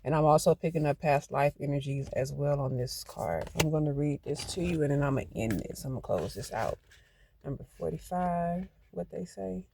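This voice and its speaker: A man's voice: a little high, moderate pace, gravelly, darkish tone, a little hiss or hum. A man giving a channeled tarot card reading, emphatic and prone to getting hyped, then talking himself back down. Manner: emphatic, gets hyped, talks to self.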